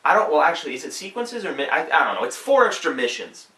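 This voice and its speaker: A man's voice: on the high side, very animated, fast, sharp tone, distant mic. A young man hosting a gaming channel, chatting casually and rambling with fillers, restarts and some swearing. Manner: swears freely when venting. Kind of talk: casual video update. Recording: roomy, set back from the mic.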